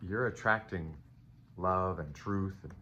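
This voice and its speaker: A man's voice: low-pitched, slow, pushed and bright, lo-fi sound. A middle-aged man giving a casual live tarot reading to viewers, rambling and playful, calling them baby. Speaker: tarot reader. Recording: faint ambient noise.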